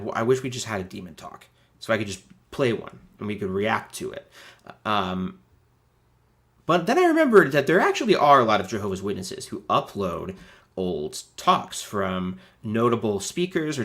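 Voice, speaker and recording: A man's voice: fairly low pitch, a bit bright. A man hosting a live stream, talking casually in a laid-back, rambling way with many fillers and restarts. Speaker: streamer host.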